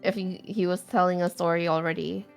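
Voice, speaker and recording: A woman's voice: fairly low pitch, steady tone, a little fast, creaky, soft background music. A woman playing a tabletop game who asks curious questions. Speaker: player.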